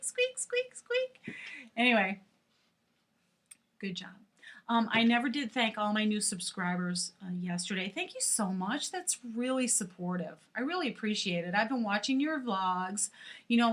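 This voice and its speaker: A woman's voice: fairly high pitch, a bit bright. A middle-aged woman chatting frankly to camera in a casual vlog, with many fillers. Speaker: vlogger.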